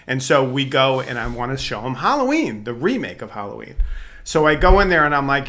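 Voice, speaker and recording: A middle-aged man co-hosting a podcast, telling stories in casual chat and acting out the quotes. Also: normal speed. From United States. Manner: animated storyteller, acts out quotes with big pitch jumps. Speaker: podcast co-host.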